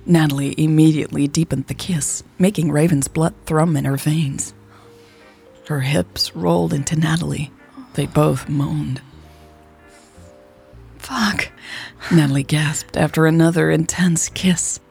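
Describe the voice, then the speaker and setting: A woman narrating a serialized romance story in a soft, unhurried reading voice. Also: deep voice, fairly even intonation, gravelly, breathy edge, soft background music. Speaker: podcast storyteller.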